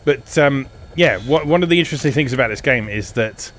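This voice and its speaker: A man's voice: mid-range voice, lively intonation, brisk, a bit bright, slight background noise. A man giving casual, wry gameplay commentary as host of a retro game video, chatty with plenty of fillers.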